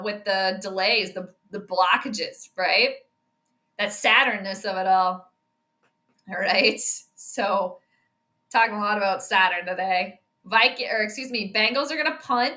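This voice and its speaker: A young woman giving casual live commentary on a football game, chatting with her viewers and reacting to each play. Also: mid-range voice. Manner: chatty, reacts loudly to plays, talks to viewers. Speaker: astrology sports streamer.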